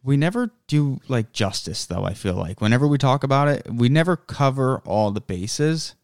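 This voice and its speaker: A man's voice: medium pitch, expressive, normal speed, darkish tone, dry recording, studio quality. A young adult man co-hosting a podcast in casual, rambling chat, often cutting himself off mid-sentence. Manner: rambling, self-interrupting. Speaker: podcast co-host.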